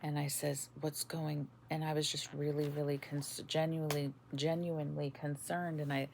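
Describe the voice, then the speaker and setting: Woman podcast host, low gravelly voice, unhurried, halting testimony. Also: little pitch movement, noisy background. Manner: slow, halting, many fillers and restarts. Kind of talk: casual spoken testimony.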